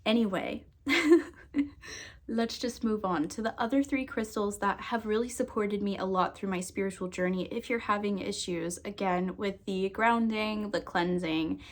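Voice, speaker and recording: A woman psychic and energy worker chatting casually to camera, expressive, laughing and swearing freely. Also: medium pitch, unhurried. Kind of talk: casual to-camera vlog chat.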